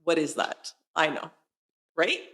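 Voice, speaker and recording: Lively Canadian woman in a roomy space. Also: sits low, unhurried. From Toronto area, Canada. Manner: easygoing, laughs readily. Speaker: guest, fitness coach. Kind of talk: casual interview chat.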